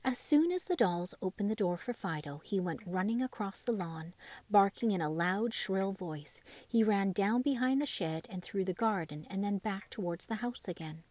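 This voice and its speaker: A woman reading a classic children's story aloud as a bedtime story, gentle and expressive. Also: mid-range voice, normal speed, no echo.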